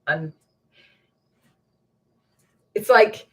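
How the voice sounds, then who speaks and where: Talking very slowly in a slightly bright voice, a middle-aged Maine woman hosts a casual livestream from home. She chats straight to her audience and lets the swearing fly when she's frustrated.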